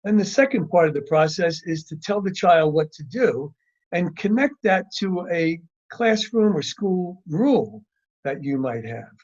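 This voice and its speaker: A man presenting a training talk on handling difficult behavior in young children, speaking in a lively way. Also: a little high, unhurried, lo-fi sound. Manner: lively, acts out children's voices in quotes. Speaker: parenting and teaching workshop speaker.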